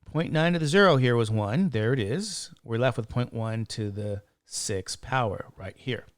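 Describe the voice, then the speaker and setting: A man's voice: medium pitch, normal speed, no room sound, studio quality. A man teaching a statistics lecture, walking through a calculation and counting digits aloud step by step. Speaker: statistics instructor. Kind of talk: classroom lecture.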